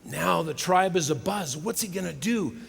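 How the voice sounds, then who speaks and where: A middle-aged man giving a motivational sermon at a conference, telling stories dramatically and swinging between loud and hushed delivery. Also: fairly high pitch, animated, normal speed, gravelly, slightly rough. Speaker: conference speaker. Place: large hall with live audience. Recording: live hall recording with long reverb.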